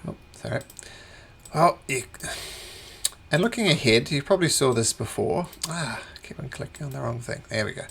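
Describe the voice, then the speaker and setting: A man's voice: mid-range voice, animated, moderate pace, creaky, a bit bright, husky. A man running a tabletop game as game master, narrating in a chatty, easygoing way and laughing often.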